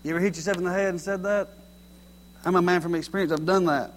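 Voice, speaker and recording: A middle-aged man preaching a sermon in a folksy, animated way, mocking common everyday sayings. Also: high voice, quick pace, a little hiss or hum.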